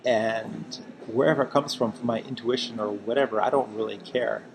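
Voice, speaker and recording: A man's voice: fairly low pitch, steady tone, moderate pace, vocal fry, noisy background. A man talking earnestly and emphatically in a personal self-help vlog, repeating himself for emphasis. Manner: heartfelt, emphatic and repetitive.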